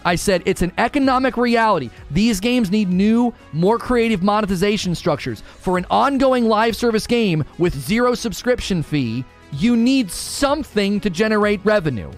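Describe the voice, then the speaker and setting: A man's voice: high-pitched, lively intonation, normal speed, soft background music. A man arguing and talking through a live stream, full of rhetorical questions.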